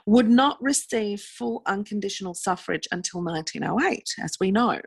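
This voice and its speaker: A woman co-hosts a casual podcast and tells a history story with playful asides. Her voice rises and falls a lot as she talks. It carries a slightly husky edge. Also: mid-range voice, animated, moderate pace. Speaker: podcast co-host. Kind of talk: casual chat.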